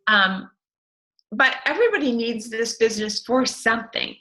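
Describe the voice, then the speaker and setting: A middle-aged woman tells her story as an interview guest. She speaks with passionate, motivational energy, sometimes launching into an animated rant. Her voice is bright and forward, pitched a little high. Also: normal speed, poor audio. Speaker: network marketing distributor, guest. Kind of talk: enthusiastic motivational interview talk.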